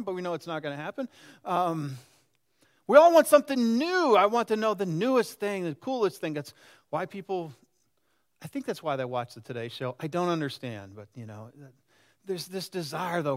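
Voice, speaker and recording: A pastor in his sixties preaches in a lively, conversational way. He often turns to the congregation with questions. His voice sits a little high for a man. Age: 60s. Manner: lively and animated. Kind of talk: sermon.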